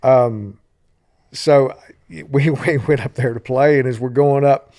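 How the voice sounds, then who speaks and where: A man's voice: mid-range voice, fairly even intonation, slow, mellow. A man with an Eastern Kentucky accent, a musician guest on a podcast, chatting casually and laughing easily while telling stories. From Floyd County, Kentucky. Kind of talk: casual interview chat.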